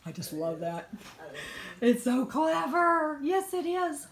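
This middle-aged woman's voice is high-pitched and very animated, and she takes her time. She's a dog breeder from Virginia, USA, gushing over a puppy in a casual phone-filmed home video, using doting baby talk on the dog.

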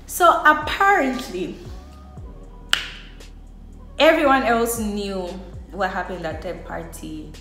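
A young woman vlogger tells a personal story, chatty and leaning heavily on the filler "like." Her medium-pitched, sharp-toned voice moves slowly with frequent pauses, in an echoey room with soft background music.

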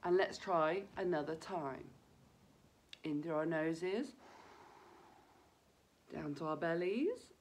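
A woman leading a children's breathing lesson, talking gently and encouragingly straight to the kids. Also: lowish voice.

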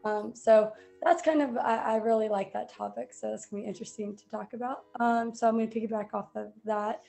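A woman speaking over her computer on a group video call, thoughtful and hesitant, with many pauses and fillers. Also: on the high side, steady tone, vocal fry, mellow, faint music behind. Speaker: participant on a call. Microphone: computer mic.

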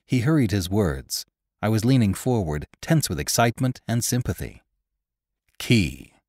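A man narrating a classic story for a podcast in a measured, expressive storytelling manner. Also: fairly low pitch, no echo, clean studio sound.

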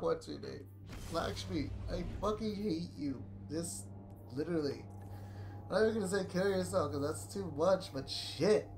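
A young adult gamer ranting angrily and swearing constantly during gameplay commentary, with sighs. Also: medium pitch. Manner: frustrated, sighs and laughs. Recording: faint game music behind.

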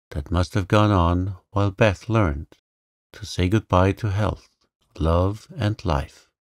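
Slow, deep-voiced man reading a sleep story. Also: creaky, no echo, clean studio sound. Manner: slow and soothing. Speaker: narrator.

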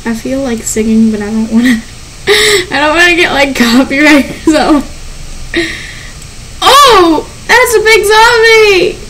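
A woman giving gameplay commentary as a channel host, excitable and panicky, often squealing and laughing. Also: sits high, slow, pauses often, a little hiss or hum, rough recording.

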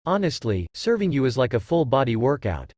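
A man's voice: mid-range voice, sing-song, a little fast, darkish tone, dry recording. A man voicing a tired, irritated young woman who serves ramen. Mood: exasperated. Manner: weary and exasperated.

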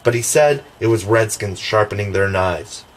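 A man's voice: fairly low pitch, normal speed, a little hiss or hum, low-quality recording. A man narrating a classic children's novel as an audiobook reader, with occasional stumbles and restarts.

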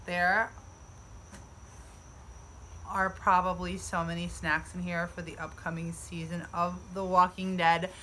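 Bright-voiced chatty American woman. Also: on the low side, flat delivery, unhurried, long pauses, slight background noise, low-quality recording. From United States. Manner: chatty, enthusiastic. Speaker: vlogger. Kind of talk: casual unboxing vlog. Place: outdoors.

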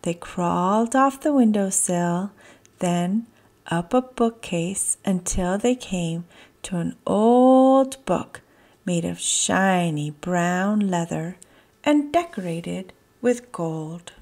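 Slow, expressive storytime woman. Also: lowish voice. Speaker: children's story reader. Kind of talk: read-aloud storytime.

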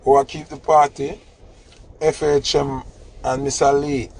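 A man with a Jamaican accent telling a funny story in casual chat, animated and laughing. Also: medium pitch, a little slow, slightly rough. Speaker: host.

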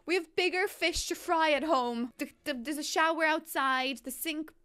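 A woman's voice: high-pitched, normal speed, a bit bright. A young woman giving live commentary on her own gameplay, pleading and exasperated, with frequent exclamations and laughter. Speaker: gaming YouTuber.

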